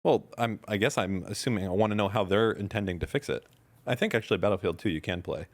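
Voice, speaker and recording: A man's voice: on the low side, fast talker. A man hosting a casual podcast chat, blunt and sarcastic in his remarks. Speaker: podcast host.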